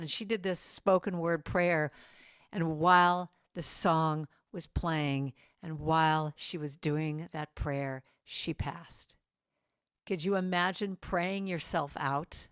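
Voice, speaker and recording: Woman speaker, low voice, dry sound, warm storytelling talk with quoted bits. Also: no room sound. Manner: heartfelt storytelling with acted-out quotes. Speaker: inspirational speaker and singer-songwriter. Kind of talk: inspirational church talk.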